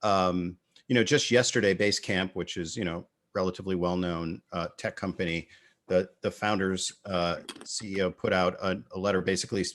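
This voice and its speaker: A man's voice: sits low, fairly even intonation, fairly quick, fairly bright tone. A man hosting an interview, asking questions casually with many fillers and restarts. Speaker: interview host. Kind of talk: conversational interview.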